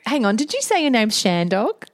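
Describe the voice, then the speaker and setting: A woman's voice: on the high side, wildly swooping pitch, noisy background. A woman co-hosting a podcast, chatting in a playful, teasing way. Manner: playful, teasing, quick to laugh. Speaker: podcast co-host. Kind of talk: casual chat.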